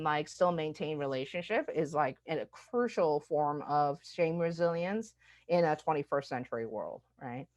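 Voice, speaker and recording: A woman speaking in a lively, conversational lecture style, slightly low-pitched for a woman. She keeps tossing in "like" and "right?" and slips into little acted-out voices for quoted reactions. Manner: animated, acts out quoted reactions; frequent "like" and "right?" asides. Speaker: speaker on microaggressions.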